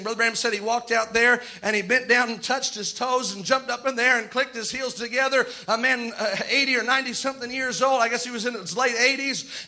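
High, bright-voiced fervent male preacher. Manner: fervent, acts out quoted voices with dramatic pauses. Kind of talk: sermon.

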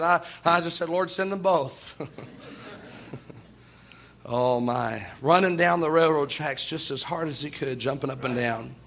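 A man's voice: a little high, a bit bright. A man preaching a sermon in a folksy storytelling way, often chuckling and repeating "oh my".

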